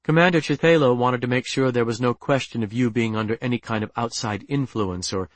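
A man's voice: mid-range voice, fairly quick, no room sound, lightly acted. A man voicing an earnest, persistent woman officer who talks in a pleading, insistent way.

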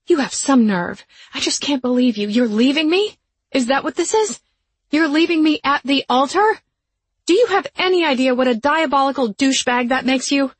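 A woman's voice: normal speed, no room sound, close to an everyday voice. A woman voicing a furious jilted young bride who snarls and shrieks insults at her ex-fiancé. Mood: enraged. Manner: shrill and snarling.

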